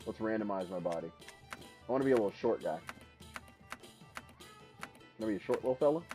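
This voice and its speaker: Excitable streamer, lively up-and-down voice. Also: male voice, lowish voice, brisk, soft background music. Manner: excitable, laughing, trash-talking the opponent. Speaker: gaming streamer. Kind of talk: casual live gameplay commentary.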